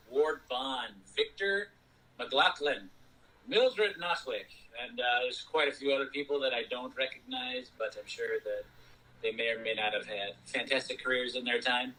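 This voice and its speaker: Rambling man, bright, set back from mic. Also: mid-range voice, recorded from a distance, rough recording. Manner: rambling, many "you know" fillers. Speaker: podcast co-host. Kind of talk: casual movie review chat.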